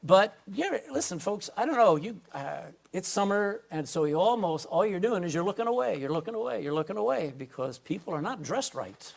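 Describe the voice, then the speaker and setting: A man's voice: high voice, sing-song, fairly quick, gravelly, few pauses. A man preaching a sermon to a congregation, folksy and emphatic, often calling for an amen. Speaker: pastor. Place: indoor room with a congregation.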